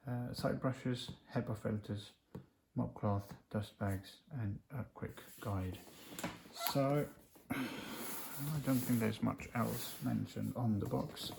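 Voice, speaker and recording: An unboxing vlogger casually opens a gadget, rambling with lots of fillers as he reads the specs off the box out loud. His mid-range voice is slow with vocal fry, and the home recording is noisy.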